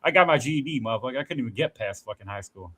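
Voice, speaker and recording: A man's voice: mid-range voice, animated, racing, bright, forceful tone, husky. A man in casual podcast chat, telling rambling, profanity-laced stories with acted-out quotes. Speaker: podcast host.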